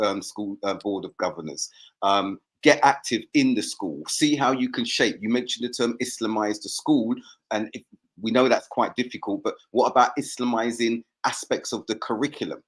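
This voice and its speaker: A man co-hosting a podcast, speaking in a measured, earnest way with pauses. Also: lowish voice. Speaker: podcast co-host. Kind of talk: casual discussion.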